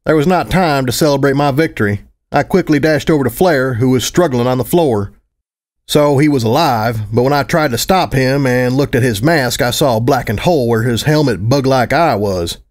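A man narrates a first-person fan fiction audiobook. His delivery is dry and wry, at a medium pitch for a man. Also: normal speed.

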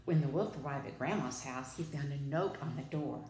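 A woman preschool teacher reading a storybook aloud with dramatic, expressive delivery. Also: extremely low pitch, normal speed, a little hiss or hum. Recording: echoey room.

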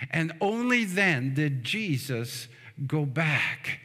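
A man's voice: on the high side, sing-song, slow pace, bright, forceful tone. A man preaching a funeral sermon as pastor, telling the story and asking the congregation for amens. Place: church sanctuary. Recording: long church hall reverb.

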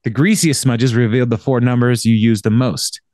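A man's voice: medium pitch, steady tone, moderate pace, darkish tone, no echo, clean studio sound. A man co-hosting a podcast, casually recapping an episode in a rambling way, with lots of fillers and laughter. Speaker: podcast co-host.

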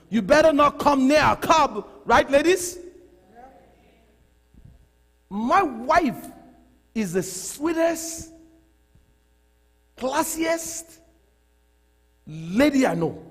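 High-voiced, animated male preacher. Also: slow, pauses often. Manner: animated, laughing, repeats phrases for emphasis. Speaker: pastor. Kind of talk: sermon. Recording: long reverb of a large hall.

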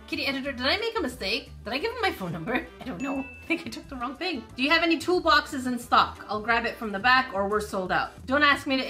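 Bright-voiced woman streaming a mobile game. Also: a little high, very animated, fairly quick, few pauses, soft background music. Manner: playful, reads game text aloud and reacts. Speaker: gaming streamer. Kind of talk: casual let's-play commentary.

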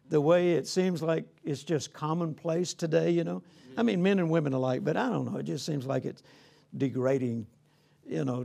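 Male preacher, high gravelly voice, folksy conversational sermon with frequent calls for "Amen?". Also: a little mellow. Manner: conversational, folksy, peppered with "you know".

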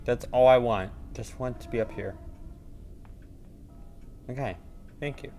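A man commentating his own horror game playthrough, muttering to himself between sudden panicked shouts. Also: medium pitch, unhurried, music in the background. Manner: mutters to himself, then yelps and shouts when scared. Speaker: gaming channel host.

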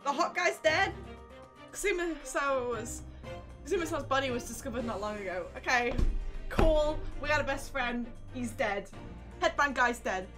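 An excitable young woman streaming a game, reacting with loud exclamations. Her voice sits a bit high and bounces around a lot. Game music plays clearly in the background. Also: moderate pace. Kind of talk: casual let's-play commentary.

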